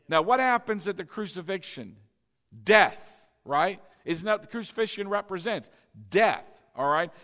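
A man's voice: sits high, a bit bright, in a large hall. A male pastor preaching a sermon, emphatic and repetitive, calling on the congregation to say lines back. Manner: emphatic, repeats questions and has the congregation repeat lines.

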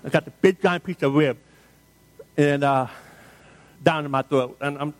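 A middle-aged male pastor delivering a sermon with a slightly higher than usual voice. He talks to the congregation in a loose, joking, story-driven way, with plenty of asides and questions to the room. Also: moderate pace, long pauses. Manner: conversational, humorous storytelling with audience asides.

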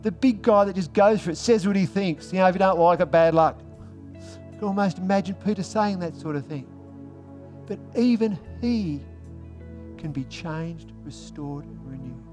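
Male pastor, sermon delivery, high voice, shifts from forceful emphasis to quiet intensity. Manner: asks the congregation rhetorical questions; swings between emphatic and hushed delivery.

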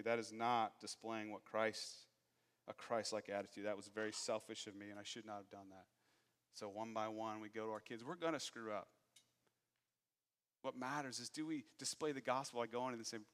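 Pastor guy preaching, bright forceful voice, pokes fun at himself, long reverb from a big church room. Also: medium pitch, brisk, clean tone. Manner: candid, self-deprecating storytelling. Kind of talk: sermon.

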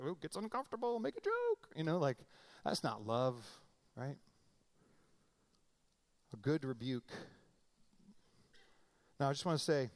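A middle-aged male pastor preaching in a conversational, animated way, acting out quotes with comic voices. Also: medium pitch. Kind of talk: sermon.

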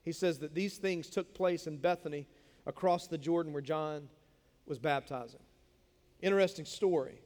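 A man's voice: a little high, normal speed, darkish tone. A man preaching a sermon in a casual, conversational way, joking with listeners and often repeating words as he explains. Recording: long reverb in a large hall.

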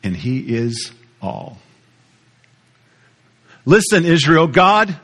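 Animated preacher, man. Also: a little high, drawn-out words. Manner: animated teaching, repeats words, asks the audience questions. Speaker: pastor. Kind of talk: sermon.

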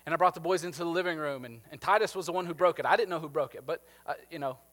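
A man's voice: on the high side, rapid-fire, fairly bright tone. A man in his thirties preaching a sermon, talking conversationally and checking in with the congregation. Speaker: pastor. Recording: long hall reverb.

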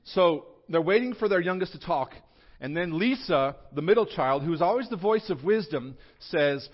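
Lively preacher, dull lo-fi sound. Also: male voice, on the high side, normal speed. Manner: conversational, humorous, swings between loud emphasis and quiet. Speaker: pastor. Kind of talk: sermon. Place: church sanctuary.

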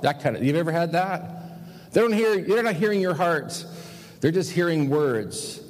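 A man's voice: on the high side, animated, moderate pace, in a large hall. A male pastor preaching a practical sermon in a conversational way, asking the congregation rhetorical questions. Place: church sanctuary.

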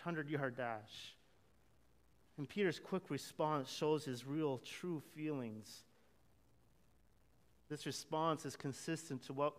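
Male pastor, higher voice, smooth, animated sermon delivery in a reverberant church hall. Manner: animated preaching, acting out quoted lines, with light chuckles.

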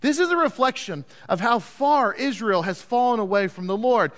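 A man with a high voice preaches, retelling a Bible story in an animated way and putting questions to his listeners. His voice carries a long reverb, as in a large hall. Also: normal speed. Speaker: pastor teaching a Bible story. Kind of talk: sermon.

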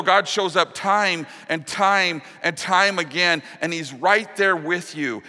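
A male pastor delivering a sermon in a bright, forceful voice pitched a little high. He preaches earnestly, sinking to a hushed, slow voice on the promises he wants to land. His words ring out with a long reverb, as in a large hall.

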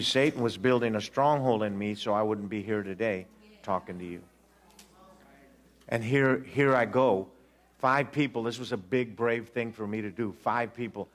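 Animated preacher man in his sixties. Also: on the low side, normal speed. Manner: animated, acts out dialogue, jokes with the congregation. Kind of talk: storytelling sermon.

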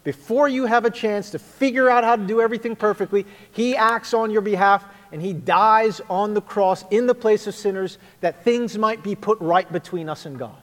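A male pastor delivers a sermon in a sanctuary, his voice sitting a little high. He speaks earnestly and pressingly, then softens into quiet prayer. Long reverb trails each phrase. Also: moderate pace, few pauses. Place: church sanctuary.

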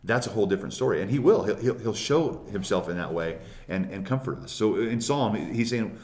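Deep-voiced earnest man in a roomy space. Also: expressive, brisk, few pauses, a little mellow. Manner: earnest, emphatic, acts out psalm quotes with rising force. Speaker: co-host of a Christian discussion. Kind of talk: casual chat about scripture. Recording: roomy echo.

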